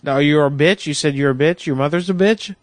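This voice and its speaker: A man hosting a prank call show, asking crude questions in a deadpan, mock-confused way. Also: on the high side, a little fast, a little hiss or hum. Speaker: host.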